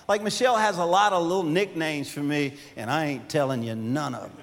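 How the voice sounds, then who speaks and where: High-voiced preaching man in a reverberant hall. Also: fairly quick, gravelly. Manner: expressive preaching with sudden swings from loud to hushed. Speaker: pastor. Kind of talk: sermon.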